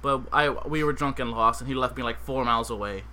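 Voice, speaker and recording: A young adult man hosting a podcast, telling a comic story in a lively, casual way and acting out the other characters. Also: mid-range voice, fast. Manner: animated, acts out voices. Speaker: podcast host.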